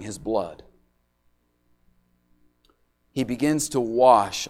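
A man preaching a sermon, swinging between loud, intense passages and quiet, hushed lines. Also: medium pitch. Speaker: pastor.

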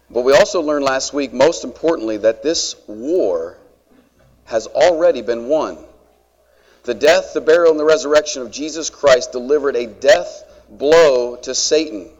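A man's voice: on the high side, highs cut off. A man preaching a sermon in a conversational way, with joking asides to the congregation. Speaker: pastor.

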